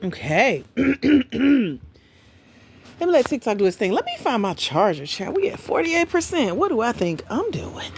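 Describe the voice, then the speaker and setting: Woman livestream host, animated swooping pitch, chatty, playful, faint background noise. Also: measured pace. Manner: chatty, playful, talks straight to viewers. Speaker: livestream host, grants coach. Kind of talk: casual livestream chat.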